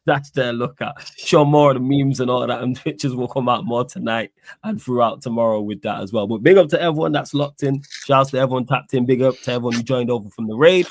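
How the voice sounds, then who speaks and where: A man hosting a casual live podcast, his voice hoarse and cracking from singing, talking excitedly in slang. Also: mid-range voice, quick pace, no room sound, studio quality. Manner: excited, shout-outs in slang. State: strained, cracking voice. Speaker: podcast host.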